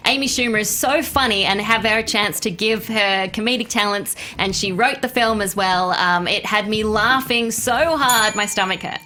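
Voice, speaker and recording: Emphatic bright-voiced woman debater. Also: medium pitch, moderate pace, hardly any pauses, slight background noise. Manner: emphatic, argues with enthusiasm. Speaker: panelist debating films. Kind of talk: casual debate.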